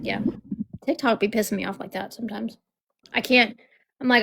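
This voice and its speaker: A woman's voice: medium pitch, steady tone, normal speed, gravelly, a bit bright, slight background noise. A woman hosting a livestream, chatting casually and bluntly, swearing freely and telling stories with animation. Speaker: livestream host. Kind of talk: casual chat.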